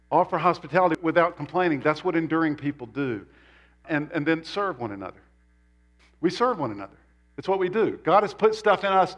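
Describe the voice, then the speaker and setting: A male pastor preaching a sermon in a church, animated and emphatic, with sudden jumps up in pitch on key words. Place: church sanctuary.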